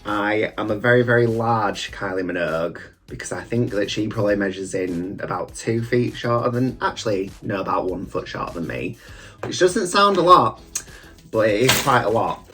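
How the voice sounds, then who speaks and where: A man's voice: fairly low pitch, moderate pace, fairly bright tone, soft background music. A man, a drag queen, chatting casually and campily with rambling asides as he reviews a TV show while getting ready at a mirror. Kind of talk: casual reaction chat.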